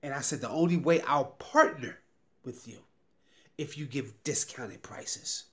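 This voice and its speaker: A man giving an emotional, repetitive sales pitch straight to the viewer, pleading and getting heated. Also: wildly swooping pitch, a little slow. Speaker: YouTuber promoting a tax service. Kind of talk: direct-to-camera sales pitch.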